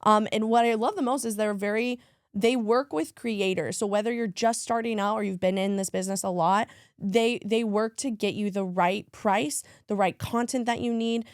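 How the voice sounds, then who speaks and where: A woman's voice: medium pitch, normal speed, dry recording, studio quality. A woman co-hosting a casual sports podcast, gushing and tearful as she talks about her team. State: crying at times. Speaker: podcast co-host.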